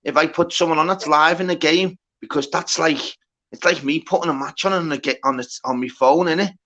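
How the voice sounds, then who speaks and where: A man's voice: a little high, fairly quick, pushed and bright, lo-fi sound. A man hosting a live stream, rambling and repeating himself in casual chat.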